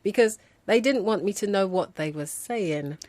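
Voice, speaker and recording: A London-born woman presents a language lesson in a clear, measured manner. Her voice sits at a middle pitch and sounds dry and close, with no room around it. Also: animated, a little mellow, no room sound. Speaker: host. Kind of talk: scripted educational presenting.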